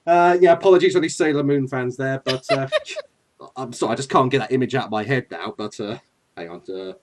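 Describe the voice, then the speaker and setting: A man's voice: mid-range voice, expressive, a little fast, slight background noise. A man hosting a casual comedic chat, chatty and giggly, often apologetic. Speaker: host.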